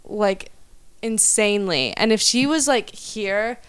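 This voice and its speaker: A woman's voice: mid-range voice, slow, a bit bright, clear, resonant tone. A young woman chatting as a podcast guest, giggly and rambling, with many likes and ums. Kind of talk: casual podcast chat.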